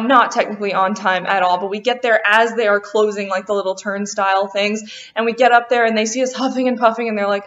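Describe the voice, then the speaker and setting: A young woman vlogger telling a lively storytime about a travel mishap, acting out what people said. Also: on the high side. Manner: animated, quotes people in quick voices. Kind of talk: casual storytime. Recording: dull lo-fi sound.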